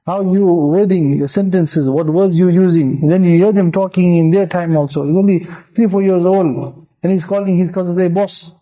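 A man's voice: sits high, steady tone, moderate pace, warm tone, poor audio. A man giving an informal sermon as a religious teacher, repeating phrases for emphasis and acting out the voices he quotes. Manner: acts out quoted speech.

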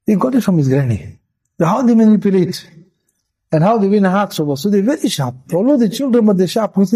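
A man's voice: a little high, fairly quick, warm tone, husky, low-quality recording. A man giving an informal sermon as a religious teacher, repeating phrases for emphasis and acting out the voices he quotes. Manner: acts out quoted speech.

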